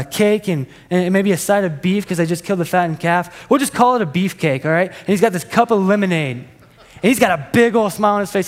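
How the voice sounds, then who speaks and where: A man, a pastor, preaching a sermon in a conversational, animated storytelling manner. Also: high-pitched, long reverb tail.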